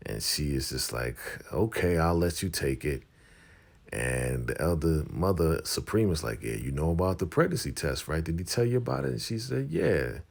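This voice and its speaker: A man's voice: a bass voice, animated, moderate pace, creaky, darkish tone. A man casually recapping a TV episode in loose slang, acting out the characters' lines as he goes. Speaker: TV recap host.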